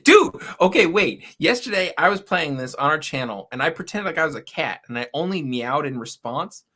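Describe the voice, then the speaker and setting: A man's voice: fairly high pitch, fairly quick. A jokey man co-hosting a livestream on a video call, reading out viewer comments. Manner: jokey and animated. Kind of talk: casual live-stream talk.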